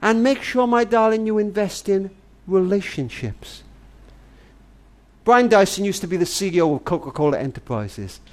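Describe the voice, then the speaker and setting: Animated high-pitched storytelling man. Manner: tender, dramatic storyteller, often says "darling"; slows and drops to near-whisper for emphasis. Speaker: speaker on a family radio program. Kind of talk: storytelling talk.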